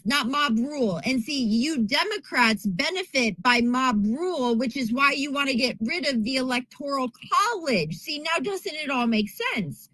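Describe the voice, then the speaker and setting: Fast-ranting woman with a highish voice. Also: expressive, a bit bright, no room sound, low-quality recording. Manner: rapid ranting, keeps asking "right?". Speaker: podcast co-host. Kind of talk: casual political talk.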